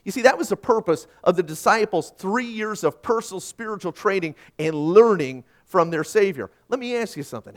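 A male pastor in his thirties delivers a sermon in a conversational, storytelling way. His voice sits high and swings widely in pitch. He pokes fun at himself and keeps putting questions to his listeners. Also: expressive, brisk. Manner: conversational, self-deprecating storytelling with rhetorical questions.

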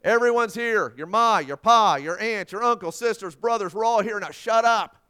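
A pastor voicing a grumpy male train passenger who yells from his bunk at a child. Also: sits high, moderate pace, voice pushed up. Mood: annoyed. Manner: gruff, impatient yelling.

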